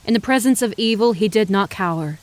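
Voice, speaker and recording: A woman doing a kind, solemn preacher of the old West, delivering each phrase slowly and gravely in a storybook reading. His tone stays gentle and measured. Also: medium pitch, lightly acted. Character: kindly older male frontier preacher.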